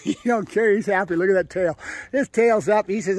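Man with a high, excitable voice. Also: fairly quick. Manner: bursts into high excited praise for the dog; plain explaining between praise. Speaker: dog trainer. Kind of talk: casual training vlog.

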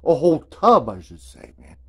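A man's voice: on the high side, wildly swooping pitch, moderate pace, fairly bright tone, husky. A man hosting a casual video journal. He rambles in a laid-back, storytelling way, with slang, swearing and constant "man" and "you know what I'm saying.". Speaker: video host.

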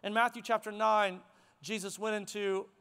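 Guy preaching in a big echoey hall, smooth clear voice, goes loud then real quiet. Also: high-pitched, moderate pace. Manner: animated preaching, rising to near shouts then dropping to hushed tones. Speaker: pastor. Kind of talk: sermon. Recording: long hall reverb.

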